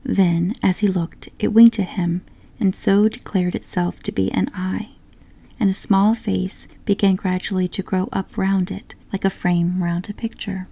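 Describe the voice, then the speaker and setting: A woman narrating a storybook in a soft, unhurried whisper. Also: mid-range voice, flat delivery, creaky, slightly rough.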